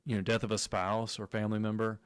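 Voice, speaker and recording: A man with a low, smooth, resonant voice talks as a guest on a radio show, telling anecdotes in a relaxed way. The sound is dry and close-miked. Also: fast, no room sound. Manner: anecdotal, relaxed, uses "you know" often. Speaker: real estate agent guest. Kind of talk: casual radio chat.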